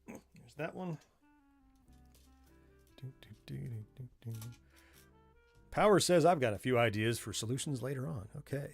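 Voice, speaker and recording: A man's voice: medium pitch, a little slow, vocal fry, pauses often. Southern guy on a livestream taking stuff apart, talks to himself, laughs at himself, bit of guitar music in the back. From born in southern Florida, family from Missouri. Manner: folksy and self-mocking, thinks aloud, chuckles often. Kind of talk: casual livestream commentary while working.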